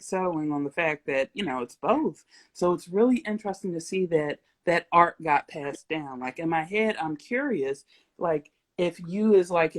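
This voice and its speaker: A woman's voice: on the low side, a little mellow. A young adult woman hosting a casual livestream interview, playful and rambling, breaking into giggles and silly sound effects. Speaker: host.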